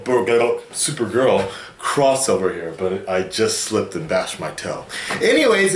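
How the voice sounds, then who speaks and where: Excitable man reacting to a TV show. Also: medium pitch, reverberant, slight background noise. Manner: excitable, laughs and exclaims often. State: out of breath.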